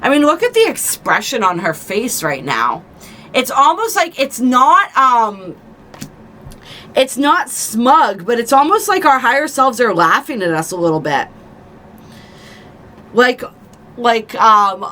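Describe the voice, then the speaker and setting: A woman hosting a spiritual card reading, talking casually and gently, laughing easily and slowing down to stress key points. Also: fairly high pitch, big pitch swings, a little hiss or hum. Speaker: spiritual reader and channel host.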